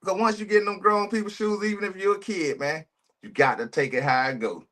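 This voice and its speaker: A man's voice: sits high, a little fast, fairly bright tone. A man giving casual reaction commentary in a preachy, emphatic way, repeating his phrases and using slang. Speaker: reaction streamer.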